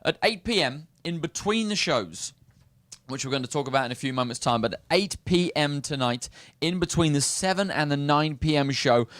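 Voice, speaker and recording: A man's voice: a little high, expressive, normal speed, fairly bright tone, no echo. Man hosting a cruise ship show, chatty, upbeat, dry sound. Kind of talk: casual chat show.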